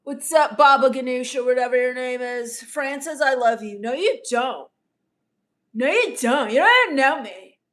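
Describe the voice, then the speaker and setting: With lively intonation and a high, slightly bright voice at a moderate pace, a woman plays a comedic livestream character. She improvises as a bratty, self-absorbed teen streamer, reading viewer comments out loud in a snarky, dismissive tone.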